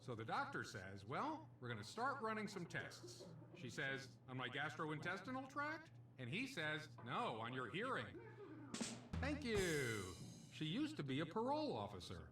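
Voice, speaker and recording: Cheesy lounge comic, high lively voice, far off on an echoey stage w faint hiss. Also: male voice. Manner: punchy joke delivery with comic character voices. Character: cheesy male casino stand-up comic, brash. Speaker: stand-up comedian in a game. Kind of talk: stand-up comedy routine.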